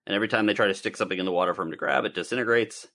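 A man's voice: deep voice, racing, pushed and bright. A man and parent co-hosting a casual movie-review podcast, laughing often and restarting sentences as he recaps scenes. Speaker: podcast co-host.

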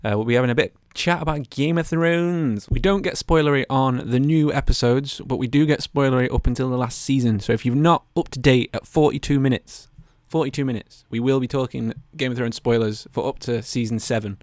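Jokey man hosting a podcast. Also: medium pitch. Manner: jokey, playful, swears casually. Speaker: podcast host. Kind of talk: casual podcast chat.

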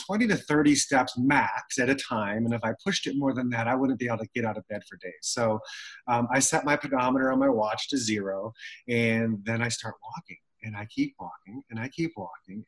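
A middle-aged man telling a personal story in conversation, animated and acting out the voices of the people he quotes. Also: medium pitch, breathy edge, low-quality recording. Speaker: guest telling his story.

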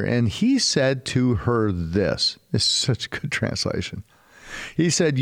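Male pastor, mid-pitched voice, casual animated sermon, slangy asides. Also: moderate pace.

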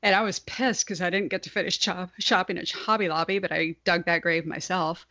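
A woman's voice: fairly low pitch, fairly even intonation, brisk, bright, forceful tone, no room sound. A woman co-hosting a casual chat, blunt and playful, swearing freely. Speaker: podcast co-host. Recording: dry, slightly lo-fi sound.

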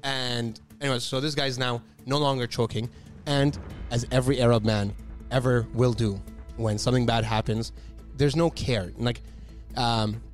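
A man's voice: mid-range voice, moderate pace, soft background music. A man telling a story in casual chat, acting out the people in it and laughing often. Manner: animated, acts out voices of people in his stories, laughs often.

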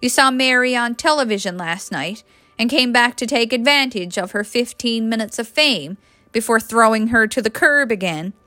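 A woman's voice: a little high, expressive, moderate pace, bright, forceful tone, no room sound. A woman voicing a protective young man who speaks in a confrontational, demanding way. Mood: angry.

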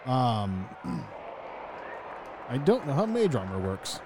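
A man playing a tabletop game, hesitantly working through his spells and rules out loud. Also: mid-range voice, big pitch swings, slow. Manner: hesitant, muttering rules aloud. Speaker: player. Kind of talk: casual tabletop game play. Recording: noisy background.

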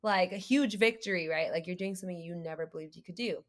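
Animated woman telling a faith story. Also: fairly low pitch, fast. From United States. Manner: animated storytelling, acts out quoted dialogue. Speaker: guest, creative entrepreneur. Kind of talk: faith podcast conversation.

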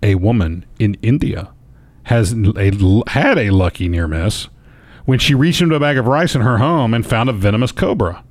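A man's voice: lowish voice, animated, normal speed. A man in his fifties co-hosting a comedic talk show, reading news items aloud with jokey asides. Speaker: co-host.

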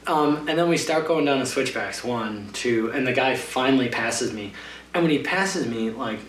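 A man's voice: mid-range voice, animated, normal speed, fairly bright tone. A man casually telling a long trail race story in a podcast interview, rambling with lots of fillers. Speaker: trail runner guest. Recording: roomy, distant mic with faint hum.

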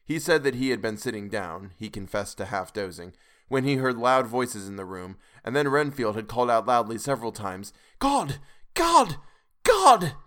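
Male podcast reader, measured and grave, classic novel narration. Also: fairly low pitch, a bit bright. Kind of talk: audiobook narration.

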